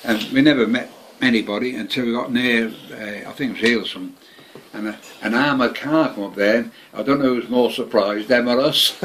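A man's voice: mid-range voice, normal speed, few pauses, fairly bright tone, slight background noise. Older man, swearing as he reminisces. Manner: swears constantly, rambling and repeating. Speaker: veteran interviewee. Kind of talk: casual reminiscing. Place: home.

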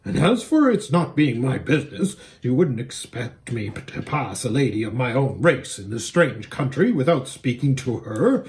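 A man's voice: mid-range voice, very animated, moderate pace, few pauses, darkish tone. A man voicing a proud, bossy talking male warhorse who speaks in a pompous, lecturing way. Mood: lofty.

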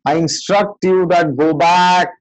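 A man voicing a furious old male sage who scolds slowly in a raised voice, on a dull lo-fi recording. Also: medium pitch, gravelly, a little mellow.

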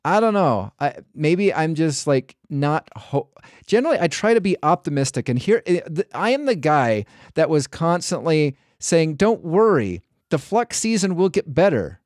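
Slightly high-voiced man, dry close sound. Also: big pitch swings, normal speed, darkish tone, no room sound. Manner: rambling, full of restarts and hedges. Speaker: podcast host. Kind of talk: casual podcast chat.

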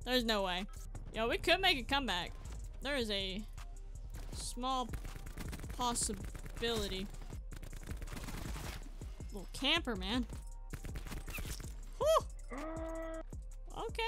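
A woman hosting a gaming channel, giving casual, excitable commentary over gameplay and mocking her opponents. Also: on the high side, slow pace, long pauses, music in the background. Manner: excitable, trash-talking opponents.

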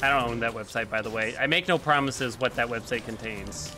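A man's voice: medium pitch, fairly quick, music in the background. A man streaming a game, chatting casually and reacting aloud as he plays. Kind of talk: casual gameplay commentary.

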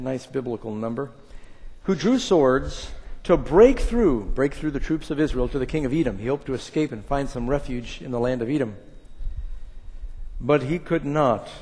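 A man preaching a sermon and reading scripture aloud, with an emphatic delivery that swings between hushed and loud. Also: mid-range voice. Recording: long reverb of a large hall.

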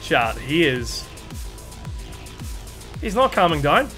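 A young man streaming a video game, chatting casually and excitedly with his viewers. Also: a little high, slow. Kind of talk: casual live-stream commentary. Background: game music and sounds.

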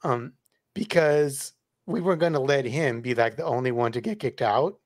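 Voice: medium pitch, moderate pace, no room sound, studio quality. A podcast co-host chatting casually in a rambling, laughing way. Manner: rambling, laughs often, lively. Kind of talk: casual chat.

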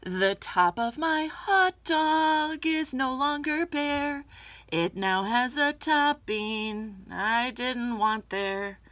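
A woman singing comic verses to familiar tunes, with quiet spoken asides between songs. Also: no echo. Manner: sings the verses, talks low and quick between them. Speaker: reader singing comic poems.

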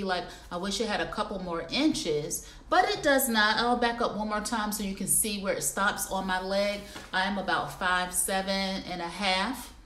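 A woman's voice: mid-range voice, a bit bright, reverberant. Chatty woman hosting a live shopping stream. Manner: chatty, addresses viewers as y'all. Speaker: livestream shopping host. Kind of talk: casual live product review. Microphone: phone or computer livestream.

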